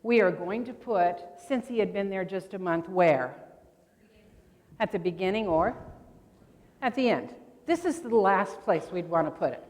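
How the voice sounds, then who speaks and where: A woman's voice: medium pitch, animated, measured pace, long pauses, a little mellow. Older woman quizzing a convention hall. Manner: chatty, quizzes the audience. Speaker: grammar presenter. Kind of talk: convention workshop talk. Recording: long hall reverb.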